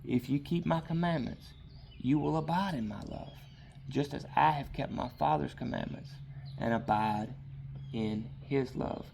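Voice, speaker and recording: A man's voice: medium pitch, unhurried, creaky, darkish tone, a little hiss or hum. A man preaching an informal sermon outdoors, talking in a loose, conversational way with frequent asides. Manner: conversational, rambling, frequent "all right". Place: outdoors in a yard.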